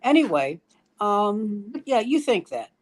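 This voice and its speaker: A man's voice: high voice, very animated, slow. An older man, a veteran stand-up comedian, telling a story in casual chat and acting out the lines of the people in it. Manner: acts out quoted dialogue in the story.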